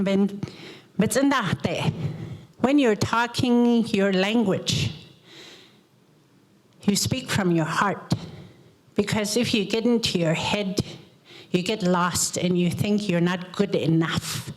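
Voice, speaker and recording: A woman in the audience of a panel, sharing teachings in a reflective comment and telling stories slowly and deliberately, with repetition. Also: medium pitch, poor audio. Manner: slow, deliberate storytelling with repetition.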